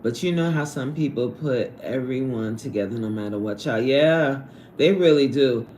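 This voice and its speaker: Animated laughing woman chatting live. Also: normal speed, echoey room, a little hiss or hum. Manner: animated, laughs often, swoops up high when excited. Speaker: livestream host reading chat. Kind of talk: casual chat. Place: at her workplace on a lunch break.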